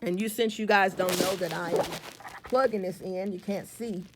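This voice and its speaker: A woman's voice: mid-range voice, steady tone, moderate pace, heavy background noise. A woman, a small-business owner, telling a story to her viewers in a casual vlog. She is chatty, restarts her sentences and talks straight to the audience.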